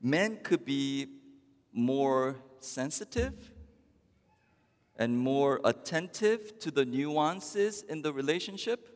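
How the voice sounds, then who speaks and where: A male pastor delivering a sermon in a slow, unhurried, wry manner, as if chatting with his congregation. His mid-pitched voice trails into long reverb across the church. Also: expressive. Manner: conversational, wry, with drawn-out pauses.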